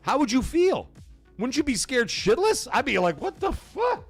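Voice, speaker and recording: Speaking at a normal speed with a breathy edge, a gaming livestream host rants in a casual, animated way, swearing heavily and firing off rhetorical questions. When quoting others he acts out their voices with pitch jumps, and soft music plays behind him.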